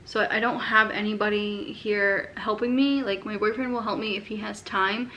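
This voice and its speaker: A young woman talks in a relaxed, chatty way, with a Boston accent she has worked to soften. She answers viewer questions at a middle pitch and fills her sentences with "like". A faint hiss sits under her voice in a quiet room at home. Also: moderate pace. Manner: relaxed and chatty, often saying "like". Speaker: lifestyle vlogger. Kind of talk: casual Q&A chat.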